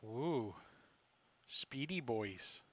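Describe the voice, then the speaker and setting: A man narrating as dungeon master, talking slowly and offhandedly as he moves pieces on a virtual map. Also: mid-range voice, animated, rough recording. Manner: slow, offhand, thinking aloud while moving tokens. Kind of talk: narrating a tabletop game online.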